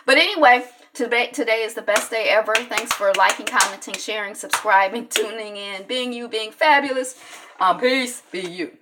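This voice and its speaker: A woman hosting a casual news chat show, chatty, answering viewers and swooping from high exclamations to soft mutters. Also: moderate pace, hardly any pauses, heavy background noise. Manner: chatty, reads comments from viewers.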